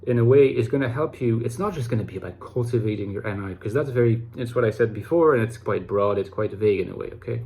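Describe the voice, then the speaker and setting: A man's voice: medium pitch, quick pace, hardly any pauses, a little mellow. Man musing aloud to his viewers. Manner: rambling, with many restarts and fillers. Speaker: YouTube host talking about personality types. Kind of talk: casual talk to camera.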